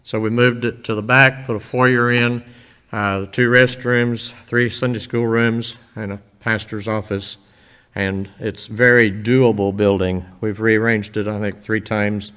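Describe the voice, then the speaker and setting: An older man speaking informally to a church congregation, telling stories in a folksy, rambling way with many pauses. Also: fairly low pitch, flat delivery, fairly bright tone, clean tone. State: emotional, voice dropping. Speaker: visiting church-building minister.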